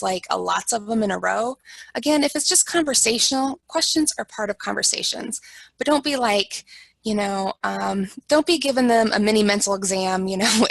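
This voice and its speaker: A woman with an American accent lectures in a relaxed, conversational way, her slightly high voice roughened by gravelly fry. She talks in a dry, close setting with no room echo. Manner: conversational, many ums and you-knows. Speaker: dementia care educator. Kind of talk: presentation lecture.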